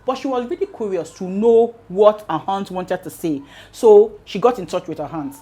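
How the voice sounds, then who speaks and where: A woman's voice: medium pitch, moderate pace, mellow. A woman hosting a storytelling show, narrating a family drama in a casual, conversational way. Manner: conversational, acts out quotes. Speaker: storyteller host.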